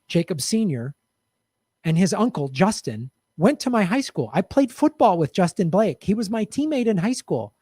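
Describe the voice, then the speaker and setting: A man's voice: sits high, warm tone, no echo, studio quality. A middle-aged man hosting a podcast, delivering a fired-up, profane political commentary rant. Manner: impassioned, profane, emphatic. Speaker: podcast host.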